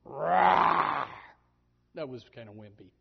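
A man preaching a sermon in a lively, animated manner, often stumbling over repeated words. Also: mid-range voice, a little slow. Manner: animated, repetitive restarts, voices sheep and God aloud. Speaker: pastor. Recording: dull lo-fi recording.

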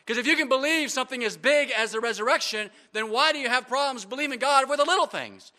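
A man's voice: extremely high pitch, quick pace, sharp tone. A man preaching a sermon as pastor, with frequent amens and repeated stumbles on words.

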